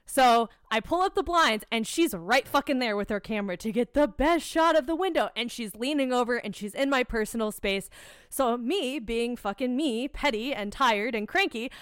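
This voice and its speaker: A woman's voice: fairly high pitch, expressive, normal speed, smooth, no room sound, studio quality. A young American woman, co-hosting a podcast, tells a heated, profane story in casual chat. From United States. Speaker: podcast co-host.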